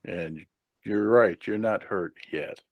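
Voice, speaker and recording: Low-voiced guy playing a tabletop game, calm and decisive, dry close sound. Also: takes it slowly, gravelly, dry recording, narrow, tinny audio. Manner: calm, matter-of-fact, decisive. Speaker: player.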